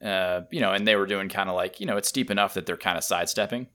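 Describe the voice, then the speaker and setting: A man's voice: low voice, fast, a bit bright. A man co-hosting a podcast, telling easygoing stories about people he met on a ride. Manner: laid-back storytelling, quotes people he met. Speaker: podcast co-host. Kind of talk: casual chat.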